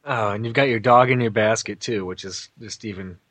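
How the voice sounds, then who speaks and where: A man's voice: lowish voice, brisk, fairly bright tone, no echo. A man hosting an interview, friendly and restarting his questions as he goes. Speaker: host interviewer. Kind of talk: casual interview chat.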